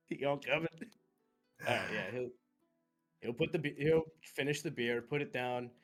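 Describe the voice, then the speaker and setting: A man playing a tabletop role-playing game, with a teasing, deadpan manner. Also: mid-range voice, normal speed, soft background music. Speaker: player. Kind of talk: casual tabletop game play.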